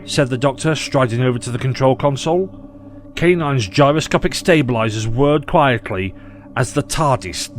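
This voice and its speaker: A man narrating an audio short story in a measured, expressive way. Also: medium pitch, a little hiss or hum.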